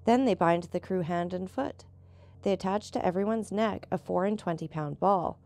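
Woman reading as a calm seasoned sea captain. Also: on the low side, normal speed, lightly acted. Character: seasoned male boat captain, calm and knowing.

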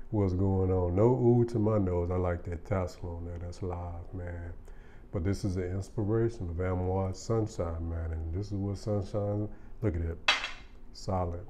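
A man's voice: sits low, mellow, slight background noise. A man casually reviewing fragrances in a laid-back, slangy and enthusiastic way. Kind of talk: casual product review chat.

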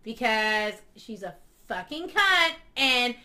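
A woman playing a crude, excitable female superfan who swears constantly and talks dramatically. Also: a little high, slow, exaggerated voice. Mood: indignant. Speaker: fan club member. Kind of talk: comedy sketch acting.

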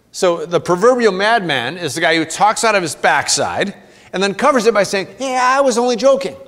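A man's voice: a little high, fairly bright tone, long reverb tail. A man preaching a sermon as pastor, reading scripture aloud in an earnest way with playful asides. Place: church sanctuary.

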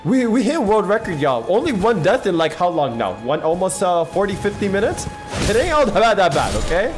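A male streamer giving excitable live gameplay commentary, swearing and talking to his chat from his PC. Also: high-pitched, a little fast. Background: game music.

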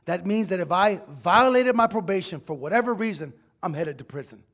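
A middle-aged man, a pastor, preaching a sermon in a church, telling a personal story in an emotional, confessional way that swells at times into shouting. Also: high-pitched, lively intonation, brisk. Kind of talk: sermon testimony. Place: church sanctuary.

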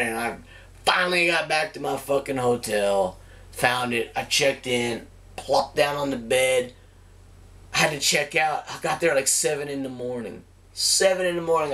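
Man, middle pitch, casual profane storyteller, rambling and animated; slightly distant mic. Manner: rambling, heavy swearing, animated retelling. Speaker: cigar reviewer telling a story.

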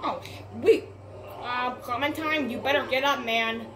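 A woman gamer delivers excitable, repetitive let's play commentary, yelling at the screen and calling everyone "bro" and "man." Her voice is high and a little slow, with a noisy background.

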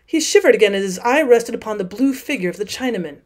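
A woman teacher narrating a classic short story as an audiobook in a steady, clear reading voice. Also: a little high, quick pace.

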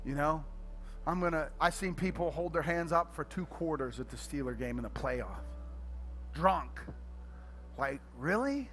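A middle-aged pastor preaching an energetic sermon, telling comic stories and swinging between quiet asides and loud shouting. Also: male voice, on the high side, unhurried, pauses often, faint music behind.

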